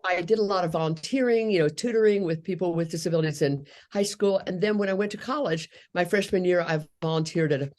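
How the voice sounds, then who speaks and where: A woman's voice: fairly low pitch, fast, hardly any pauses. Older woman telling a heartfelt story. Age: 60s. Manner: earnest, animated storytelling with quoted voices. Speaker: guest, speech therapist. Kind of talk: storytelling in a podcast interview.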